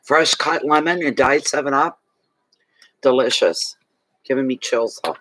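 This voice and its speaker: A man's voice: medium pitch, a little slow, a bit bright, dry recording, poor audio. Emphatic man giving a tarot reading. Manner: emphatic, repeats key phrases for reassurance. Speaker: tarot reader. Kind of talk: tarot card reading for a client.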